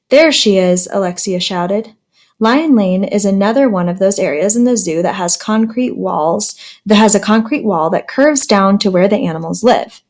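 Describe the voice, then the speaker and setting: A woman reading a children's chapter book aloud, with lively pitch jumps for the quoted characters. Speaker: read-aloud storyteller.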